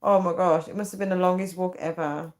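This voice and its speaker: A woman's voice: fairly low pitch, fairly even intonation, fairly quick, a little mellow. A woman in her thirties, tired and chatty, reading out comments on a casual live stream. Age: 30s. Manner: chatty and giggly, often breaking into laughter. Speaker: livestream host.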